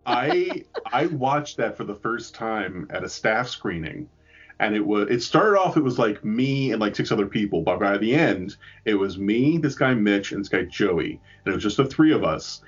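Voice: mid-range voice, lively intonation, moderate pace, breathy edge, lo-fi sound. A speaker in a casual chat, rambling, swearing and laughing often.

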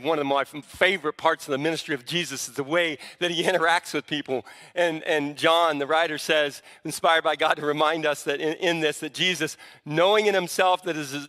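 A man's voice: a little high, sharp tone, long reverb tail. A male pastor preaching a sermon with emphasis, often restarting his words mid-phrase.

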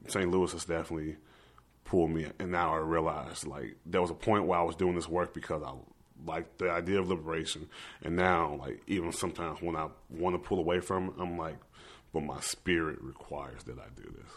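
A man's voice: low-pitched, flat delivery, a little fast. A young man earnestly telling a personal story in a conversational interview, acting out the voices of the people he talked with. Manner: earnest, emotional, quotes himself and others. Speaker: activist guest.

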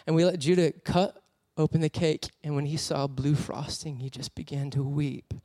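A man preaching a sermon as a personal story, animated and laughing often as he tells it. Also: fairly high pitch, normal speed, dry recording, studio quality.

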